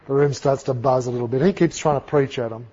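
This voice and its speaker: A man giving an animated, conversational storytelling sermon with asides to his audience. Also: mid-range voice, fast talker. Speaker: speaker. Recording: dull lo-fi recording.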